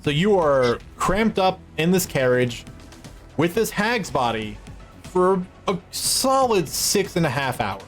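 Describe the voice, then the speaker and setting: A man narrates a tabletop session as game master, his voice sitting a little high for a man. He tells the scene in a loose, relaxed way, stumbling and restarting his words often. Soft music plays underneath. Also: slow pace. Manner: stammering restarts, relaxed storytelling. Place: home streaming setup.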